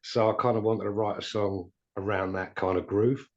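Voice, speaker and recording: A man from England, a musician guest, introducing himself in a friendly, relaxed way. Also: fairly low pitch, normal speed, highs cut off. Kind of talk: podcast interview.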